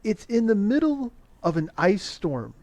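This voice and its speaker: A middle-aged man casually recapping an old movie on a podcast, sarcastic and profane, with animated asides. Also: sits high, a little slow, no room sound. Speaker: podcast co-host recapping a film. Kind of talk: casual chat.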